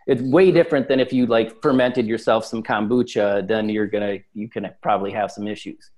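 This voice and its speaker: A man's voice: lowish voice, steady tone, fairly quick, darkish tone. A man speaking as an interview guest in casual chat, talkative and full of fillers. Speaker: supplement company guest.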